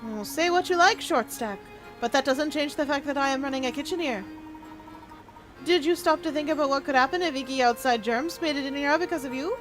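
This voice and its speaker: A woman's voice: high-pitched, a little fast, music in the background, close to an everyday voice. A woman voicing a fussy, chatty, lonely male cook. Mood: scolding.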